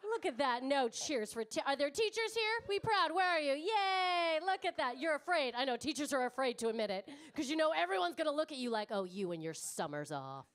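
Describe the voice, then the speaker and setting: A brash woman in her thirties performs stand-up on a comedy club stage, teasing the live crowd and swearing freely. Her voice sits high and is expressive and fairly bright, moving fairly quickly with few pauses.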